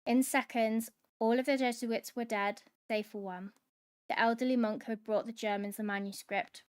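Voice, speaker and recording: A woman hosting a book club, reading a novel aloud in steady dramatic narration. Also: fairly high pitch, normal speed, clear, resonant tone.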